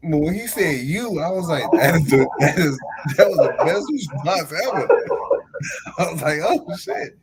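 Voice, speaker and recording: Male podcast host, 40s, lively storyteller who acts out phone calls, slightly higher voice. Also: moderate pace, a loud crowd, low-quality recording. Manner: animated storytelling, laughs often, acts out callers. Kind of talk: casual chat.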